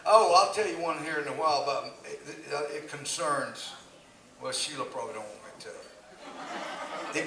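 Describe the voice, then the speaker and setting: A man's voice: fairly high pitch, expressive, measured pace, bright, forceful tone. An older man telling casual, laughing stories about his years as a country singer. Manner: folksy, laughing, drawling storyteller. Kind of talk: casual storytelling. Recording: echoey, distant, noisy live room.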